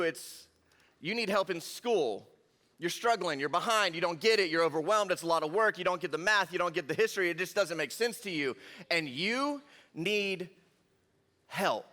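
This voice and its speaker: A young man giving a lively, jokey youth sermon and talking straight to the crowd. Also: sits high. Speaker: youth pastor. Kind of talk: energetic youth sermon storytelling. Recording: long hall reverb.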